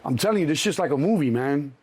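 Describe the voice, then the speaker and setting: Chicago guy, husky voice, kinda high, animated storytelling with lots of cussing. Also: fast talker. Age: middle-aged. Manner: animated, acts out voices, swears freely. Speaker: interview guest. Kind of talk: casual storytelling.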